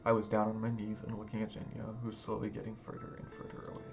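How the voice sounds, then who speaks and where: Man reading a visual novel aloud, subdued and brooding, low voice, game music playing under him. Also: completely flat delivery, quick pace, vocal fry, a little mellow. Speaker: game let's-player.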